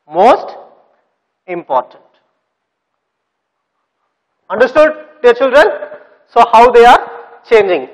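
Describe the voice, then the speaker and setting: A man teaching a grammar lesson to students, repeating key words, spelling them out and checking whether they understood. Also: very high voice. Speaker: English teacher. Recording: long reverb, echoey room.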